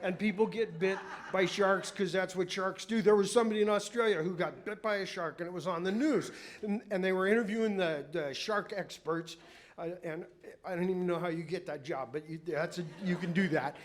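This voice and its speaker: A man's voice: high-pitched, brisk. A middle-aged male comedian doing a self-mocking, rambling stand-up routine on a club stage, with audience laughter behind him. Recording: live club recording with crowd noise.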